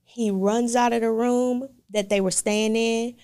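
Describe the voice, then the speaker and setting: A woman co-hosting a casual chat, telling a story with lively energy and frequent laughter. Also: on the high side, measured pace, smooth.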